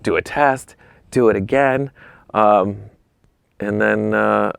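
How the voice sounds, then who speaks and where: A man's voice: fairly low pitch, slow pace, creaky, smooth, dry recording. A man guest on a talk show, telling stories casually and acting out the other people in them. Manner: animated, acts out quoted voices; casual, swears freely. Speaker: interview guest. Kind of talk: storytelling anecdotes.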